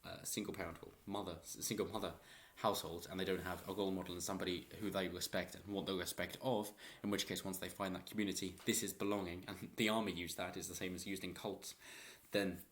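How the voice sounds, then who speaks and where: A man's voice: sits low, flat delivery, quick pace, hardly any pauses, fairly bright tone, slight background noise. A man giving rambling, opinionated political commentary in a vlog and chuckling often.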